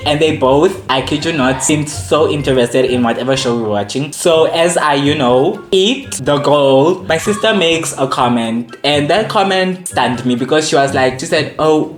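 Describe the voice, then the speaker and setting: A young man chats to his camera in a playful, theatrical way, drawing out words for comic effect. His voice rings in an echoey room. Faint music plays underneath. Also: mid-range voice. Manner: playful, dramatic, drawn-out emphasis. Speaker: vlogger. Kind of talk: casual comedic chat to camera.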